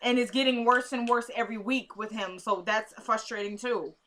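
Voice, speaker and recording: A woman's voice: a little high, steady tone, moderate pace, a bit bright. A woman recapping a TV episode in a casual vlog, rambling and talking straight to her viewers.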